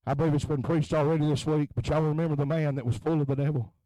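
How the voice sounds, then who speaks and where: A man preaching a revival sermon in a tent, moving between low, quiet talk and chanted, shouted peaks. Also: steady tone, fast talker, no room sound, low-quality recording.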